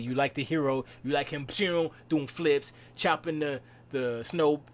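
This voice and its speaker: A man's voice: mid-range voice, a little hiss or hum. A man hosting a live stream, chatting casually and jokingly, slipping into silly impressions of film characters. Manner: joking, slips into voiced impressions.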